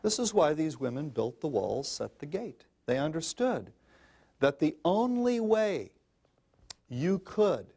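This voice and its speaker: A man's voice: fairly high pitch, sing-song, slow pace, vocal fry, a little mellow, breathy edge. An older man giving an emphatic public talk on parenting to an audience, calling listeners folks in a folksy, insistent manner. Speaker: parenting speaker.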